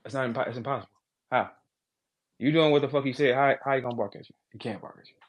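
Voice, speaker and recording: A man ranting crudely and loudly in a casual talk, profane and joking. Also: medium pitch, fast. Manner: loud, profane, jokey. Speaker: battle rapper on a live audio chat.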